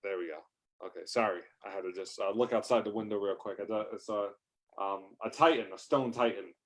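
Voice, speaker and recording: A man telling a rambling, improvised comedic story, interrupting himself and breaking into shouted lines. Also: lowish voice, a little fast.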